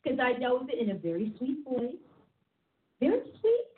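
Preaching a teaching sermon, a woman apostle speaks a little fast in an animated, fairly high voice. Her style is emphatic, repetitive, chatty and full of laughter. The recording is tinny and phone-like in an echoey room, with slight background noise.

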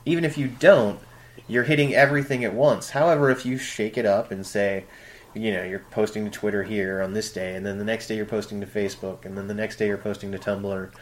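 A man co-hosting a casual panel chat about book promotion, animated, acting out examples in a mocking voice. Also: lowish voice, a little fast. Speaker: podcast co-host.

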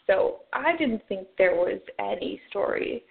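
A woman giving a casual, halting book review, full of fillers and restarts, sounding low on energy. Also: expressive, gravelly. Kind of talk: casual spoken review with a read excerpt. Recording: tinny phone-like audio.

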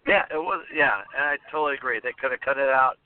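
A man co-hosting a podcast in casual chat, excitable and rambling, sometimes searching for words. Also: medium pitch, fast. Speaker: podcast co-host. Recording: tinny phone-like sound.

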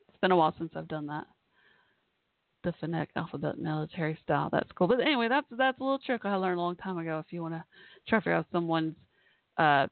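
A woman's voice: lowish voice, creaky, no room sound. Lady host just chatting away, laughs a lot, dry phone-line sound. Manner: chatty, rambling, laughs often. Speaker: podcast host. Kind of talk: casual solo talk. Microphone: phone call-in line.

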